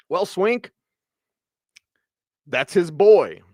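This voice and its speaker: A man hosting a solo postgame livestream, giving a casual, animated football recap and reading viewer comments aloud. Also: fairly high pitch, slow pace, long pauses, dry recording, clean studio sound. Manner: casual, animated, reads live chat aloud. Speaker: sports radio host.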